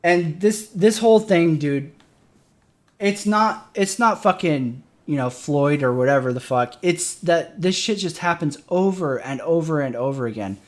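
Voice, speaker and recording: A man's voice: a little high, a little slow. A man, a military veteran, chatting casually on a stream and ranting with lots of profanity. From Michigan. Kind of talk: casual chat.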